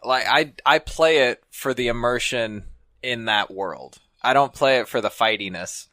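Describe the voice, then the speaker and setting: A man's voice: medium pitch, a little slow, pushed and bright, no echo, studio quality. Laid-back, hesitant young man. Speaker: podcast co-host. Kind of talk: casual chat.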